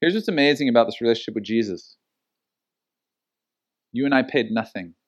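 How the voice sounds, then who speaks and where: A middle-aged man preaching a sermon as pastor, telling stories and acting out the quotes with lively energy. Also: medium pitch, fairly quick, muffled recording. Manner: animated storytelling with acted-out quotes.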